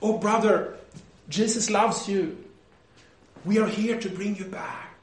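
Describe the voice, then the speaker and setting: Guy putting on a pushy eager church brother, coaxing and cheery, kinda high, echoey room. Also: lively intonation, moderate pace. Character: eager persistent male preacher friend. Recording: roomy echo.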